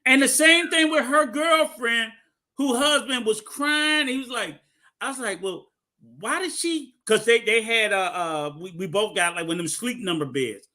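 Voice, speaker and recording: High, bright-voiced man telling stories. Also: normal speed. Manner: profane, animated storytelling. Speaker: podcast co-host. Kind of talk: casual chat.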